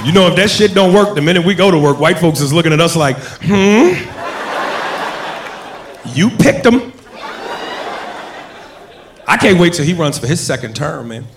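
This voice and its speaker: A man doing a stand-up routine on a comedy club stage, building up to shouted punchlines. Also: a little high. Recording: roomy live club recording with audience.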